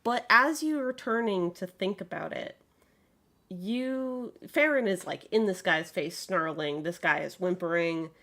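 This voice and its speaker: A woman narrating as game master of a tabletop game, in casual, animated speech. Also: fairly low pitch, unhurried.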